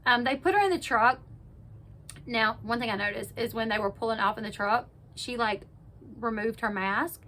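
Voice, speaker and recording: A woman's voice: on the high side, normal speed, pushed and bright, slight background noise. A woman casually retelling a TV episode for her channel, chatty and full of "like", acting out what people said. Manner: chatty, peppers speech with "like", acts out quotes. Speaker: YouTube recap host.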